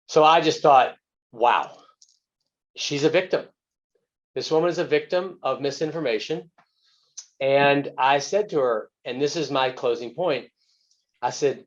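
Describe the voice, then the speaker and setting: A man's voice: medium pitch, moderate pace, pauses often. A man, a physician and guest author, telling a story from his work in an earnest, plain-spoken way. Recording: muffled, lo-fi webinar audio.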